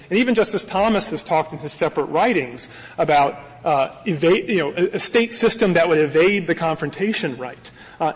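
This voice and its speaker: A man argues before a high court, earnest and insistent as he presses each point. His voice sits high for a man. The archival recording carries a long, ringing reverb from a large courtroom. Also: husky. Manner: earnest, emphatic, persuasive. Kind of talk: formal courtroom oral argument.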